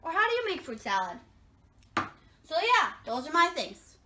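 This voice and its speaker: A woman with a high voice chats in an offhand, joking way as she cooks at home. The kitchen recording is noisy, with clicks under her talk. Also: sing-song, measured pace, sharp tone. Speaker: cooking vlogger. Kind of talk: casual chat while cooking.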